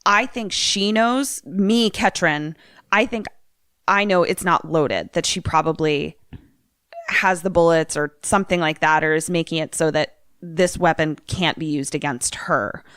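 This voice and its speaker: A woman's voice: low voice, a little slow, smooth, no room sound, clean studio sound. A young woman co-hosting a podcast, chatting casually and swearing freely as she reacts to a movie recap. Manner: expressive, swears often, swings between musing and shocked outbursts. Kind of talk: casual chat.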